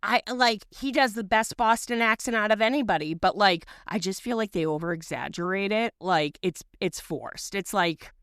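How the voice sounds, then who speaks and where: A woman co-hosting a casual podcast, telling animated stories full of rambling asides. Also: mid-range voice, moderate pace, hardly any pauses, clear, resonant tone, no echo, studio quality. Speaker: podcast co-host, movie recommender.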